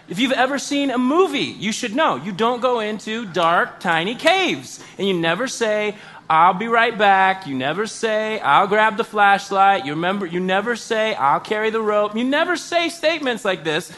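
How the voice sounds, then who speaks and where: With a high voice, a man tells a funny story about his own life, animated and poking fun at himself, with exaggerated outbursts along the way.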